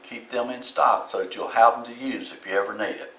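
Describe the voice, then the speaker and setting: A man's voice: medium pitch, steady tone, a bit bright, slight background noise. Folksy Southern man, roomy and distant. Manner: plain, folksy, unhurried advice. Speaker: YouTube host. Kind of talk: casual how-to talk. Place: his home kitchen.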